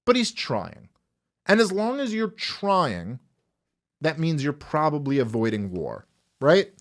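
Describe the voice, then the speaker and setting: A man's voice: fairly high pitch, very animated, takes it slowly. A man hosting a podcast in casual political chat, ranting animatedly and swearing freely. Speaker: podcast host.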